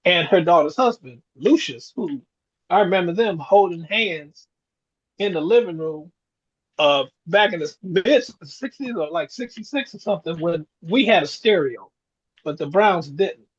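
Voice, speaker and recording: Husky older man telling stories. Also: sits high, lively intonation, a little slow. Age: 60s. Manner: storytelling, reflective, chuckles often. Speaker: co-host. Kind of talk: casual chat. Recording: dull lo-fi sound.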